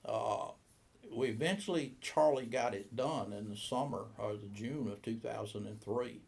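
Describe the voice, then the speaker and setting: A man's voice: mid-range voice, moderate pace, vocal fry, darkish tone. A man in his seventies who owns a boat shop, telling a long, rambling story in an interview and acting out the dialogue. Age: 70s. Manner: rambling anecdotal, acts out quoted dialogue.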